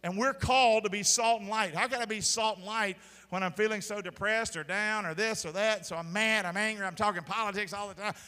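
A male pastor preaches a live sermon in a big church auditorium. His voice sits high and sounds bright and forceful. He is emphatic and keeps calling out to the congregation, and long hall reverb trails his words. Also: steady tone, fairly quick.

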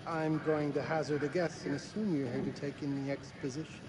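An actor playing a courteous middle-aged hotel owner who speaks in a polished, formal way. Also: male voice, fairly high pitch, steady tone, brisk, noisy background, natural voice.

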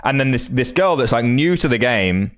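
A man telling a casual, animated story as a poker vlogger, with plenty of fillers and the odd swear word. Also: mid-range voice, normal speed.

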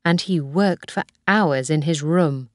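A woman narrating a graded reader story in a slow, clear, careful way. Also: deep voice, a little mellow, no echo. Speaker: audiobook narrator.

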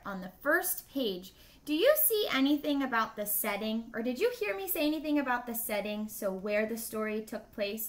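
Slow, bright-voiced woman teacher reading aloud. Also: fairly high pitch. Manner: encouraging, asks listeners questions and praises answers. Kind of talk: children's story read-aloud lesson.

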